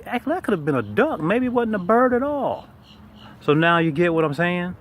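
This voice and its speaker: A man's voice: a little high, sing-song, normal speed. A man teaching a meditation practice in a casual, emphatic way, talking straight to the listener and repeating his key points. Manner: informal, repetitive, emphatic, talks straight to the listener. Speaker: tai chi and meditation teacher. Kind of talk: casual spoken lesson.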